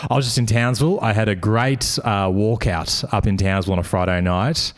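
A man's voice: fairly low pitch, fairly even intonation, fairly quick. An Australian man hosting a podcast, telling stories in a casual, laughing way. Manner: laughing, storytelling. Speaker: podcast host. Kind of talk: casual chat.

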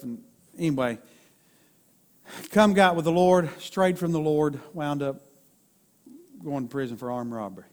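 Preacher guy, high voice, folksy sermon, gets loud and emphatic. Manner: folksy preaching with stick-figure drawings, rising to emphatic peaks. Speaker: pastor.

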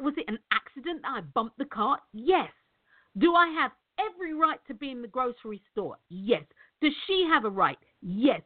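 Emphatic woman on a tinny line. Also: high voice. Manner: emphatic, repeats words, addresses viewers as guys. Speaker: motivational speaker. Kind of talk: direct-to-camera motivational talk. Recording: tinny phone-like audio.

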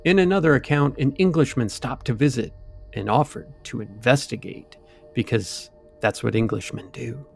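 A man's voice: medium pitch, moderate pace, vocal fry, a little mellow, soft background music. A man co-hosting a podcast, retelling a ghost story in a loose, rambling way with asides and fillers. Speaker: podcast co-host.

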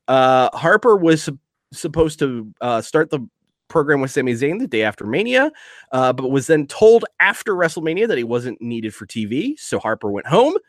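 A man's voice: mid-range voice, very animated, moderate pace, no echo, clean studio sound. A man co-hosting a podcast, reading wrestling news aloud and ranting sarcastically about it, with frequent swearing. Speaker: podcast co-host. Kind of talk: casual podcast chat.

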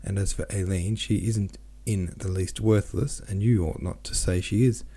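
A restless, self-pitying middle-aged merchant pleads and rambles on, voiced by a man reading a novel aloud. The voice is low and gravelly with a husky edge. It sounds very dark and mellow. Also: fairly even intonation, normal speed. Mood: pleading. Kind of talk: audiobook character voice.

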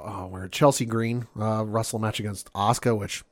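A man hosts a casual sports and gaming podcast, recapping the news in an excited, rambling fashion with frequent fillers. His voice is fairly low with a steady tone, at normal speed.

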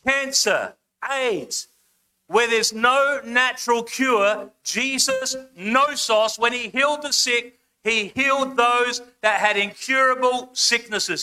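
A man preaches to a church congregation in a very high, bright and clear voice. He speaks slowly, with strong emphasis. He stops often to have the listeners say words back to him. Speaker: guest preacher. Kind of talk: sermon with congregation call-and-response. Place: church service, speaking over slides.

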